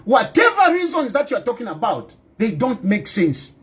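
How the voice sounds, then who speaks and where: Fiery Zambian man, high lively voice. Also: moderate pace. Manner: fiery, repetitive, stammering restarts. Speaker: politician and activist. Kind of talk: impassioned political monologue.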